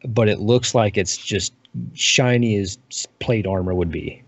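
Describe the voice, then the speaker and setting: A man narrating as dungeon master, describing scenes in a relaxed, unhurried way. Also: on the low side, husky, dry recording. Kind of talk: narrating a tabletop game. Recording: muffled lo-fi recording.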